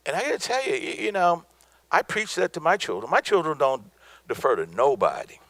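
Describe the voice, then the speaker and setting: A man's voice: on the high side, wildly swooping pitch, fairly quick, a bit bright, no room sound. A middle-aged man from the American South giving a motivational business talk, emphatic and preacherly, repeating his points for effect. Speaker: business speaker.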